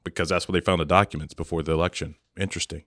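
A man co-hosting a podcast in casual chat, sarcastic and animated, laughing often. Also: low-pitched, racing, dry recording, studio quality. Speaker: podcast co-host.

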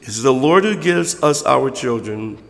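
A man preaching a conversational sermon as pastor, acting out church members in quick voices. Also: mid-range voice, animated, creaky, fairly bright tone, in a large hall.

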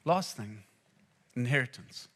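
A man from Zimbabwe preaching a sermon, telling personal stories and swinging between hushed and loud moments. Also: medium pitch, lively intonation, measured pace.

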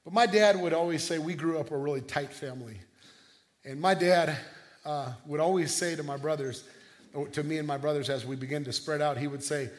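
A middle-aged man preaching a sermon as pastor, telling stories in a conversational way with quick restarts. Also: fairly high pitch.

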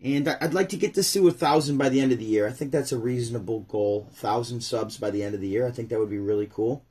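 A man's voice: medium pitch, fast, a little mellow, husky. A man from upstate New York hosting his own livestream, ranting bluntly and chatting casually with viewers. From Syracuse, New York. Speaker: channel host.

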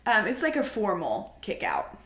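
A woman's voice: medium pitch, huge pitch swings, moderate pace, a bit bright, echoey room. Chatty American woman with many ums. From United States. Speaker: podcast co-host. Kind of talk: casual chat recapping a movie.

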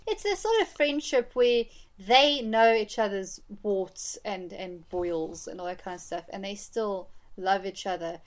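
A woman's voice: mid-range voice, measured pace, hardly any pauses. A woman co-hosting a podcast, chatting animatedly about a film. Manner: animated, acts out quotes, laughs often. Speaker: podcast co-host. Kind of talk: casual chat about a film.

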